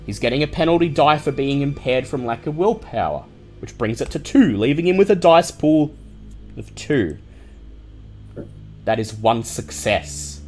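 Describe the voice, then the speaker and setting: A man narrating a tabletop game as game master, in a measured, descriptive way. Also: medium pitch, lively intonation, a little mellow, soft background music.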